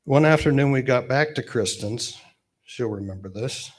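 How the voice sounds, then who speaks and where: A man in his fifties giving a eulogy at a memorial gathering with gentle humor, pausing often with fillers. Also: mid-range voice. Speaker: eulogy speaker, best man.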